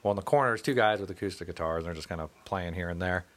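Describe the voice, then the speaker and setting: A man's voice: sits low, racing, fairly bright tone. A man in his thirties telling stories in casual chat, swearing freely and laughing as he goes. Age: 30s. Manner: profane, laughing storyteller.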